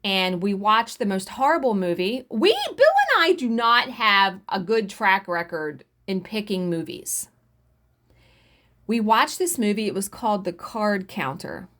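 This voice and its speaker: A woman in her forties telling a story casually while stitching, animated, swearing freely and acting out what others said. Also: mid-range voice, measured pace. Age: 40s. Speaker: cross-stitch vlogger.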